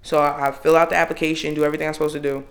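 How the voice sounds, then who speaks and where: Animated profane man telling a story. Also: on the high side, very fast, gravelly. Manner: animated, profane, jumps into exclaimed quotes. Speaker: podcast co-host. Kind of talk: casual storytelling chat.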